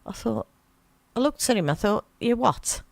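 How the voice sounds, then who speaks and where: A woman's voice: mid-range voice, moderate pace, gravelly, no room sound. A woman with a Birmingham accent hosting a local radio show, telling stories and acting out voices. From Birmingham area, England. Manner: animated storyteller, acts out voices in quotes. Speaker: radio host. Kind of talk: chatty local radio anecdote.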